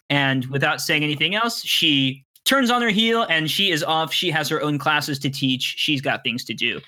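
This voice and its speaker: A man narrates as game master, describing scenes in a relaxed, unhurried way. His voice is bright and forceful, and it sits a little high for a man.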